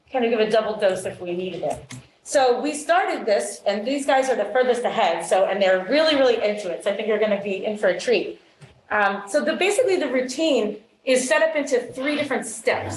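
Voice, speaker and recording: A woman reading specialist leading a classroom demonstration, upbeat and full of praise for her students. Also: on the high side. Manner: upbeat, encouraging, frequent praise. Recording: echoey room, faint noise.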